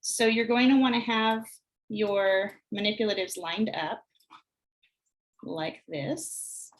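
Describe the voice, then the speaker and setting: An American woman demonstrating early literacy exercises, sounding out words slowly and deliberately. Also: medium pitch. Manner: slow, deliberate sounding out of phonemes. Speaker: teacher trainer. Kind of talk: instructional screencast demonstration.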